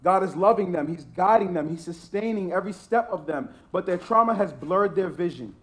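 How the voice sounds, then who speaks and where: High-voiced pastor preaching. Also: male voice, lively intonation, a little fast. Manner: emphatic, repetitive preaching with restarts. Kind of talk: sermon.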